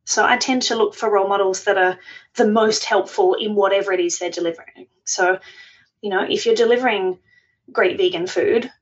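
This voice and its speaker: A woman's voice: medium pitch, steady tone, a little fast, muffled recording. A woman guest on a podcast, talking in a chatty, self-deprecating way and laughing often. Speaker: podcast guest, food blogger. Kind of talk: conversational interview.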